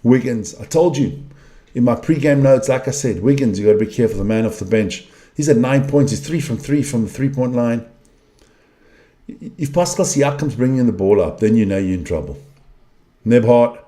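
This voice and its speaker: A middle-aged man gives running live commentary on a game he is watching. He is openly frustrated, blunt and prone to swearing. His voice is mid-pitched with a dark, mellow tone. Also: animated, moderate pace. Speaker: fan commentator.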